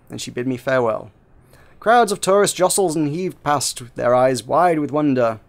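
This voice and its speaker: A man's voice: mid-range voice, lively intonation, normal speed, gravelly. Man narrating game text aloud. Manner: narrating with frequent slips and restarts. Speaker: YouTuber reading a game aloud.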